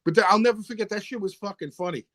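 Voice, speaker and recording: Animated swearing man telling stories. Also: high-pitched, racing, no room sound. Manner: animated, swears often, acts out quotes. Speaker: rapper guest. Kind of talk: casual storytelling chat.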